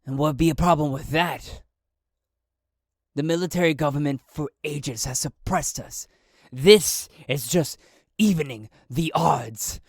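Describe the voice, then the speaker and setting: A man's voice: fairly high pitch, measured pace, slightly rough, no echo, studio quality. A man narrating a solo tabletop game and voicing a defiant male rebel gunman who speaks with intimidation. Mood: menacing. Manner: intimidating, louder.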